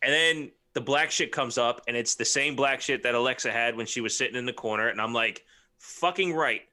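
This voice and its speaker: A man's voice: mid-range voice, steady tone, fairly quick, pushed and bright. A man co-hosting a casual wrestling podcast, laid-back and rambling, swearing casually. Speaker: podcast co-host.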